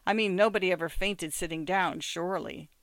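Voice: mid-range voice, brisk, fairly bright tone, dry recording, lightly acted. A reader voicing a proud, guarded woman who speaks precisely and with brittle irony to a former lover, in a dry recording.

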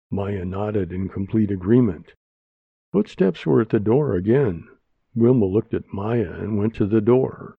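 A man narrating an audiobook in a measured, steady way, in a dull lo-fi recording. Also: lowish voice, vocal fry, husky, dry recording.

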